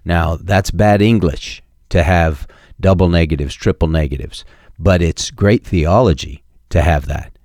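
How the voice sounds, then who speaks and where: Low-voiced man preaching a sermon. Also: unhurried, darkish tone, no room sound, clean studio sound. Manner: emphatic preaching, rising sharply on key points; recites scripture with chapter and verse references. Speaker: pastor.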